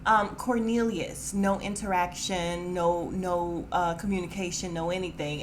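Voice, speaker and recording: A woman, recapping a reality dating show on her podcast. She talks in a sassy, animated way and slips into the voices of the people she quotes. Her voice sits a little low for a woman. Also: unhurried, hardly any pauses, a little hiss or hum. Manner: sassy, animated, quotes cast members with attitude. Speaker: podcast host.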